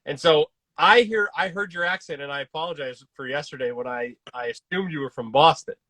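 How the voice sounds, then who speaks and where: Eager, bright-voiced man podcast host. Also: fairly high pitch, no room sound. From Kansas. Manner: eager, fast, casual slang. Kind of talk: casual podcast chat.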